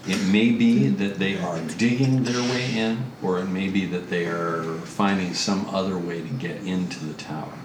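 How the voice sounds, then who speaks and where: A man voicing a stern female military leader who gives a grave, measured briefing about a city under threat. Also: low voice, fairly even intonation, natural voice. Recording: roomy distant recording with noise.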